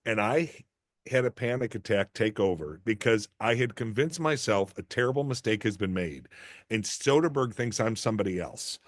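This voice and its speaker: A middle-aged man talks through anecdotes in a casual interview, self-deprecating and animated, often stopping and restarting mid-sentence. His voice sits in a medium register, and the sound is dry and close. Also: lowish voice, moderate pace, no echo. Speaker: actor and guest.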